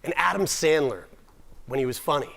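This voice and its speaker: A man's voice: fairly high pitch, expressive, brisk, gravelly, a bit bright, a little hiss or hum. Self-mocking young man telling stories on stage. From Nova Scotia, Canada. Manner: self-deprecating, comic timing, frequent restarts. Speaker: summit speaker. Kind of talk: humorous personal storytelling talk.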